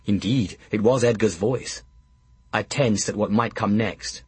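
A man narrating an audiobook in a wry, lively storytelling manner. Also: on the low side, measured pace, husky, no room sound.

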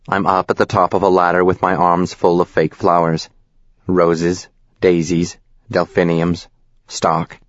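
A man reading a novel aloud as narrator, in a deadpan, measured, wry manner. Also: deep voice, no room sound. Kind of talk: scripted audiobook narration. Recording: slightly dull, dry recording.

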